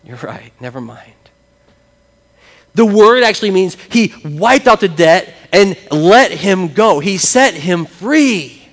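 A man preaching a sermon, lively and conversational, talking with his congregation. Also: sits high, takes it slowly, few pauses, long reverb tail. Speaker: pastor. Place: church sanctuary with congregation.

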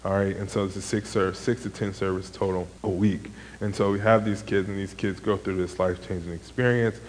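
A man's voice: sits low, steady tone, a little fast, darkish tone, big-room sound, a little hiss or hum, low-quality recording. A young man, a former camp counselor, giving a casual sermon testimony in a rambling way, full of "like" and "um". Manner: rambling, heavy use of "like" and "um".

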